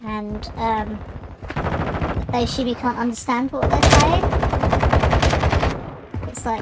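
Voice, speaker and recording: A woman from the United Kingdom with a fairly high voice chats casually on a live game stream, taking it slowly and pausing often. She rambles and interrupts herself, while heavy background noise of loud game gunfire and clicks runs beneath her.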